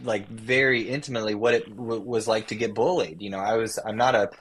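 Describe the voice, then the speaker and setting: A man with a lowish voice talks slowly through a memory, circling back and restarting as he finds his words. He speaks like a guest on a casual podcast, thoughtful rather than performative. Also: fairly even intonation, fairly bright tone, breathy edge. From Nashville. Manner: reflective, rambling with many restarts. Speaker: guest musician.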